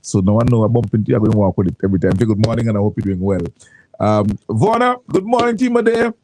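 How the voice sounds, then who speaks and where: A man's voice: on the low side, lively intonation, rapid-fire, warm tone, no room sound, rough recording. A man hosting casual morning radio, rambling with restarts and local slang. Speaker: radio host. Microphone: studio microphone.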